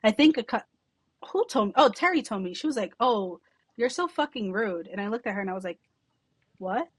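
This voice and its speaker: A woman's voice: medium pitch, quick pace, husky, dry recording. Sarcastic, swearing salon boss woman. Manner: sarcastic, animated storyteller, swears freely. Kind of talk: casual podcast chat.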